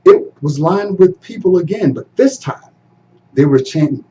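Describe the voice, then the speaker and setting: A man telling a folktale as a storyteller, dramatic and expressive, moving between hushed and loud passages. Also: a little high, a little slow. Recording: dull, slightly distant recording with faint hum.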